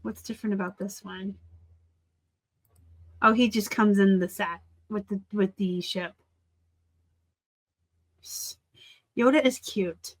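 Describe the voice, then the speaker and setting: Chatty, excitable woman in her forties. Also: medium pitch, slow, long pauses. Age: 40s. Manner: chatty and excitable, gushing over items and teasing seller titles. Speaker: reseller channel host. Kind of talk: casual screen-share commentary.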